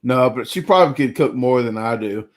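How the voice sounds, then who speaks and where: A man's voice: mid-range voice, expressive, brisk. Man, casual stream host, rambling, just ate a huge meal. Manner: rambling, chatty, reads out viewer names; full and sluggish after a big eating challenge. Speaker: competitive eater streaming a live chat. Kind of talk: casual live-stream chat.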